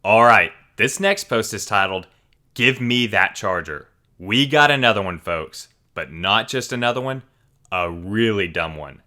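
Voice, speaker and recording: A man hosting a channel and narrating online posts in an animated, expressive storytelling way. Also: lowish voice. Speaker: channel host reading stories.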